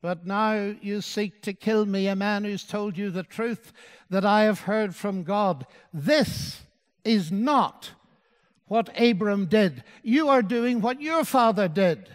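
A man preaching a sermon and telling a story, quoting the dialogue in a softened voice. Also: high voice, long reverb tail.

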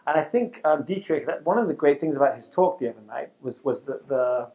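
A middle-aged man who leads a youth ministry, giving an animated, conversational talk to youth workers in front of a live audience. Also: a little high, fairly quick, muffled recording.

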